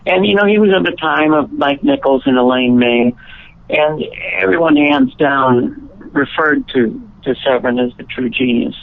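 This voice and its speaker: A man's voice: a little high, expressive, moderate pace, gravelly. A man from Chicago, an actor and musician, telling rambling anecdotes in a casual interview, often restarting his sentences. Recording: tinny phone line.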